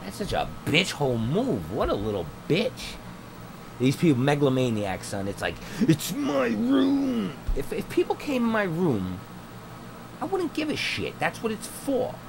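A man's voice: mid-range voice, moderate pace. A young man streaming a game at home on a headset mic, ranting in crude, mocking slang. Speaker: gameplay streamer. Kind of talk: profane ranting gameplay commentary. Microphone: noise-cancelling headset mic. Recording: steady background noise.

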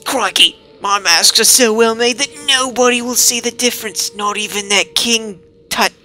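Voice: mid-range voice, moderate pace, pushed and bright. A gamer voicing a boastful male guildmaster and hunter in a hammy, put-on Australian accent, reading the game's dialogue aloud. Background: game music.

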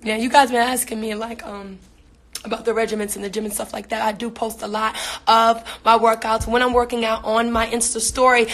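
A woman's voice: a little high, little pitch movement, brisk, fairly bright tone, slight background noise. A young woman chatting casually on a phone livestream, reading viewer comments and laughing often. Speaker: social media personality.

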